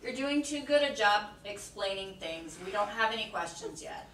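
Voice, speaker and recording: A woman's voice: medium pitch, expressive, normal speed, a bit bright, roomy sound, recorded from a distance, a little hiss or hum, rough recording. A woman co-hosting a live art show, asking questions in a friendly, conversational way. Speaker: show co-host relaying questions.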